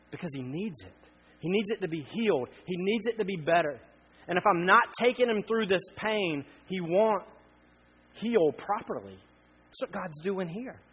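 Guy preaching a sermon, kinda husky, higher voice, earnest w lots of pauses. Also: a bit bright, rough recording. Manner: earnest, pausing often, building to emphatic appeals. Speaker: pastor.

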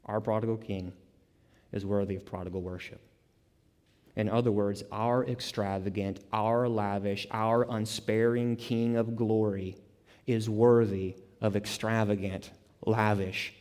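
A man's voice: lowish voice, steady tone, measured pace, a little mellow. A man preaching a sermon, emphatic, piling up repeated words and rising into bursts. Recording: long hall reverb.

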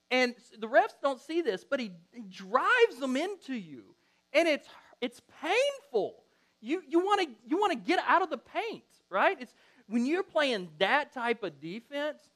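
A middle-aged man preaching a sermon, telling stories animatedly and acting out quotes. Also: very high voice. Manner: animated storytelling, acts out quotes. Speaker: pastor.

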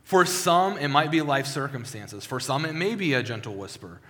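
A man's voice: mid-range voice, animated, normal speed, fairly bright tone. A male pastor giving a sermon with a personal testimony, talking conversationally with frequent restarts and repeated words. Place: church sanctuary. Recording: long hall reverb.

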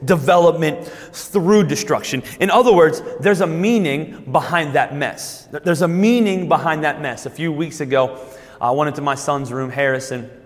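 A man preaches from the pulpit with a somewhat high voice. He stumbles over repeated words, then draws out key phrases slowly and loudly. The sound rings out in a large hall with a long reverb. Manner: repeats words and restarts, slows and rises for emphasis. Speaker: pastor. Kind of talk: sermon.

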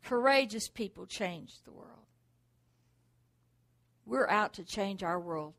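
A woman's voice: medium pitch, expressive, slow pace, fairly bright tone. A middle-aged woman preaching a sermon, driving points home with rhetorical questions and repeated exhortations.

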